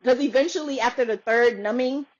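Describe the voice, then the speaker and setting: Speaking fairly quickly in a fairly high voice, a woman podcaster tells a story in a casual chat, laughing often and acting out quoted voices with animation. The dull lo-fi recording carries a little hiss or hum.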